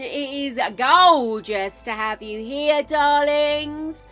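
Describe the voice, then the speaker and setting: Bright, chatty older woman streamer. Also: high voice, slow, hardly any pauses, soft background music. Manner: chatty, showers viewers with endearments. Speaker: game streamer. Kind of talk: casual live-stream chat.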